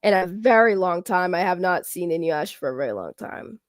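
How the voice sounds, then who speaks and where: A woman's voice: fairly low pitch, expressive, fairly quick, no echo, studio quality. A woman hosting a casual livestream, talking back to her chat and ranting with swearing and laughter. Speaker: livestream host.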